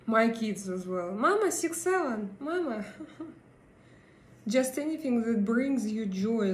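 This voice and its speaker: A woman hosting a live stream and chatting with viewers, hesitant and pausing often as she searches for her English words. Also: medium pitch, darkish tone, echoey room, low-quality recording. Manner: hesitant, many pauses and fillers while searching for English words. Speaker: livestream host. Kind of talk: casual live chat, answering viewer comments.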